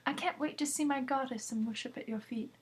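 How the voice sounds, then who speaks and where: A woman reading the lines of a sheepish, submissive male city broker in a hushed, pleading way. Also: sits high, fairly quick, slightly rough, voice pushed up.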